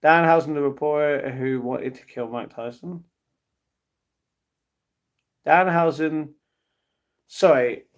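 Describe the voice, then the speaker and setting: A man chatting casually on his live stream, answering viewers' messages and talking to his pets between replies. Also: on the high side.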